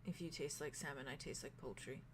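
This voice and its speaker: A woman's voice: very deep voice, brisk. A woman at a tabletop role-play table, bantering in character with dry, teasing questions. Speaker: tabletop role-playing player.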